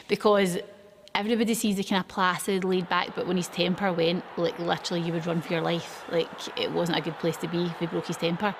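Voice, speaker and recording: Woman telling a story quick, bit of fry in a lowish voice. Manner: lively storytelling, acts out quoted dialogue. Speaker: daughter interviewed in a documentary. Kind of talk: interview recollection.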